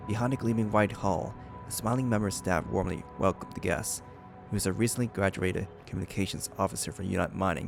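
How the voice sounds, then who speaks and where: A man hosting a let's play, reading the game's narration aloud in an even storytelling way. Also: deep voice, gravelly.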